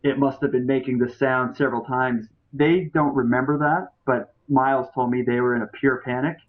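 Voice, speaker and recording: Man, podcast host, casual storyteller, rambling with fillers, mid-pitched voice, thin phone-like sound. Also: fairly even intonation, normal speed. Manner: loose and chatty, with many fillers and restarts. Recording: tinny phone-like audio.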